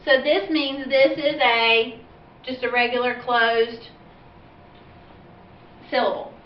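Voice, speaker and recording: A woman teacher giving a phonics lesson for parents and children, explaining slowly and patiently and asking questions as she goes. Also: on the high side, steady tone, a little hiss or hum. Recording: echoey, dull, distant from the mic.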